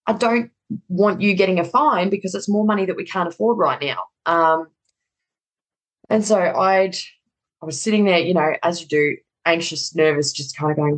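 A woman's voice: on the low side, moderate pace, poor audio. A middle-aged woman telling a personal story in conversation, candid and casually swearing, acting out the dialogue.

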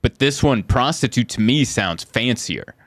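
A man's voice: mid-range voice, expressive, measured pace, fairly bright tone, no echo, studio quality. A man, a comedian hosting a podcast, riffing and joking in casual chat and laughing often.

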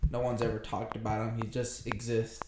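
A man's voice: fairly low pitch, monotone, brisk. A young man co-hosting a casual podcast, telling a rambling story full of restarts. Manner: rambling, self-correcting storyteller. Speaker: podcast co-host. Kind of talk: casual chat. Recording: echoey room with loud background noise.

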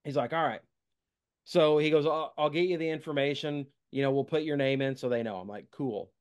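Relaxed man telling stories. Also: fairly high pitch, a little fast, smooth. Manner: relaxed storytelling with self-deprecating humor. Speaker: podcast host. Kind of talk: casual podcast interview.

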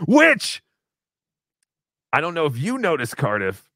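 A man hosting a casual livestream podcast, talking excitedly, swearing and laughing often as he tells a story. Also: on the high side, measured pace, long pauses, dry recording, studio quality. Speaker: podcast host.

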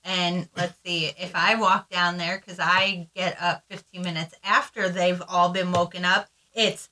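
A woman's voice: fairly low pitch, little pitch movement, measured pace, hardly any pauses, pushed and bright, slight background noise. A woman co-hosting a casual mom podcast, blunt and joking, swearing freely. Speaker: podcast co-host. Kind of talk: casual chat.

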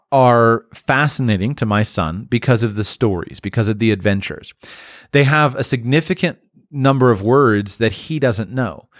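A man's voice: mid-range voice, no room sound. Thoughtful man talking in a dry room. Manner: thoughtful, restarts and trails off. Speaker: parent talking about language learning. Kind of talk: casual monologue.

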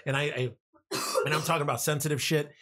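A man casually telling a funny personal story to friends, animated and swearing, often laughing as he talks. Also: on the high side, fast. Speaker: podcast co-host telling a story.

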